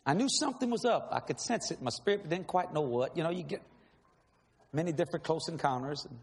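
A fairly quick, animated man with a voice on the high side gives a sermon recounting his own testimony; he is dramatic and emphatic and laughs a lot. You can hear a long reverb from the hall plus a faint hiss behind him.

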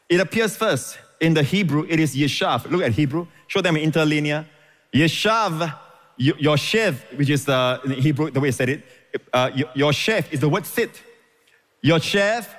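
A man's voice: a little high, long reverb tail. A man preaching a sermon as pastor, emphatic and repeating phrases for stress.

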